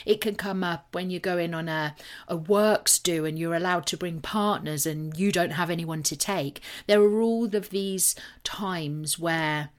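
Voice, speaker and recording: British woman, low voice, podcast host, chatty and self-mocking monologue. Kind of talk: casual solo podcast talk.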